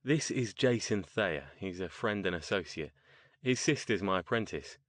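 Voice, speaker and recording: A man's voice: low-pitched, lively intonation, dry recording, clean studio sound. A man playing a wry, composed occult mage. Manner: measured and wry.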